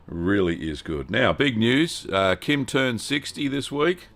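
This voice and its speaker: A man's voice: medium pitch, measured pace. A man in his fifties with an Australian accent, chatting casually with viewers as host of a livestream. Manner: relaxed, rambling, greets chat viewers by name. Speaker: host of a cheese-making livestream.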